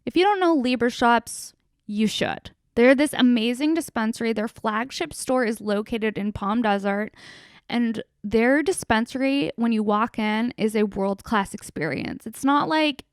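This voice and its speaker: A young woman riffs through a solo comedy podcast, playful and rambling and happy to swear. Her voice sits a little high and comes through smooth and clear. The recording is close and dry, with no room sound. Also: expressive, unhurried, no echo. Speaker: podcast host.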